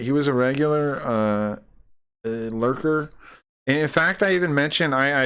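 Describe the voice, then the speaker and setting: Guy ranting on his stream, swears a lot, rambles, pretty smooth voice. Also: mid-range voice, a bit bright. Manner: indignant, profane, rambling retelling. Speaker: livestreamer.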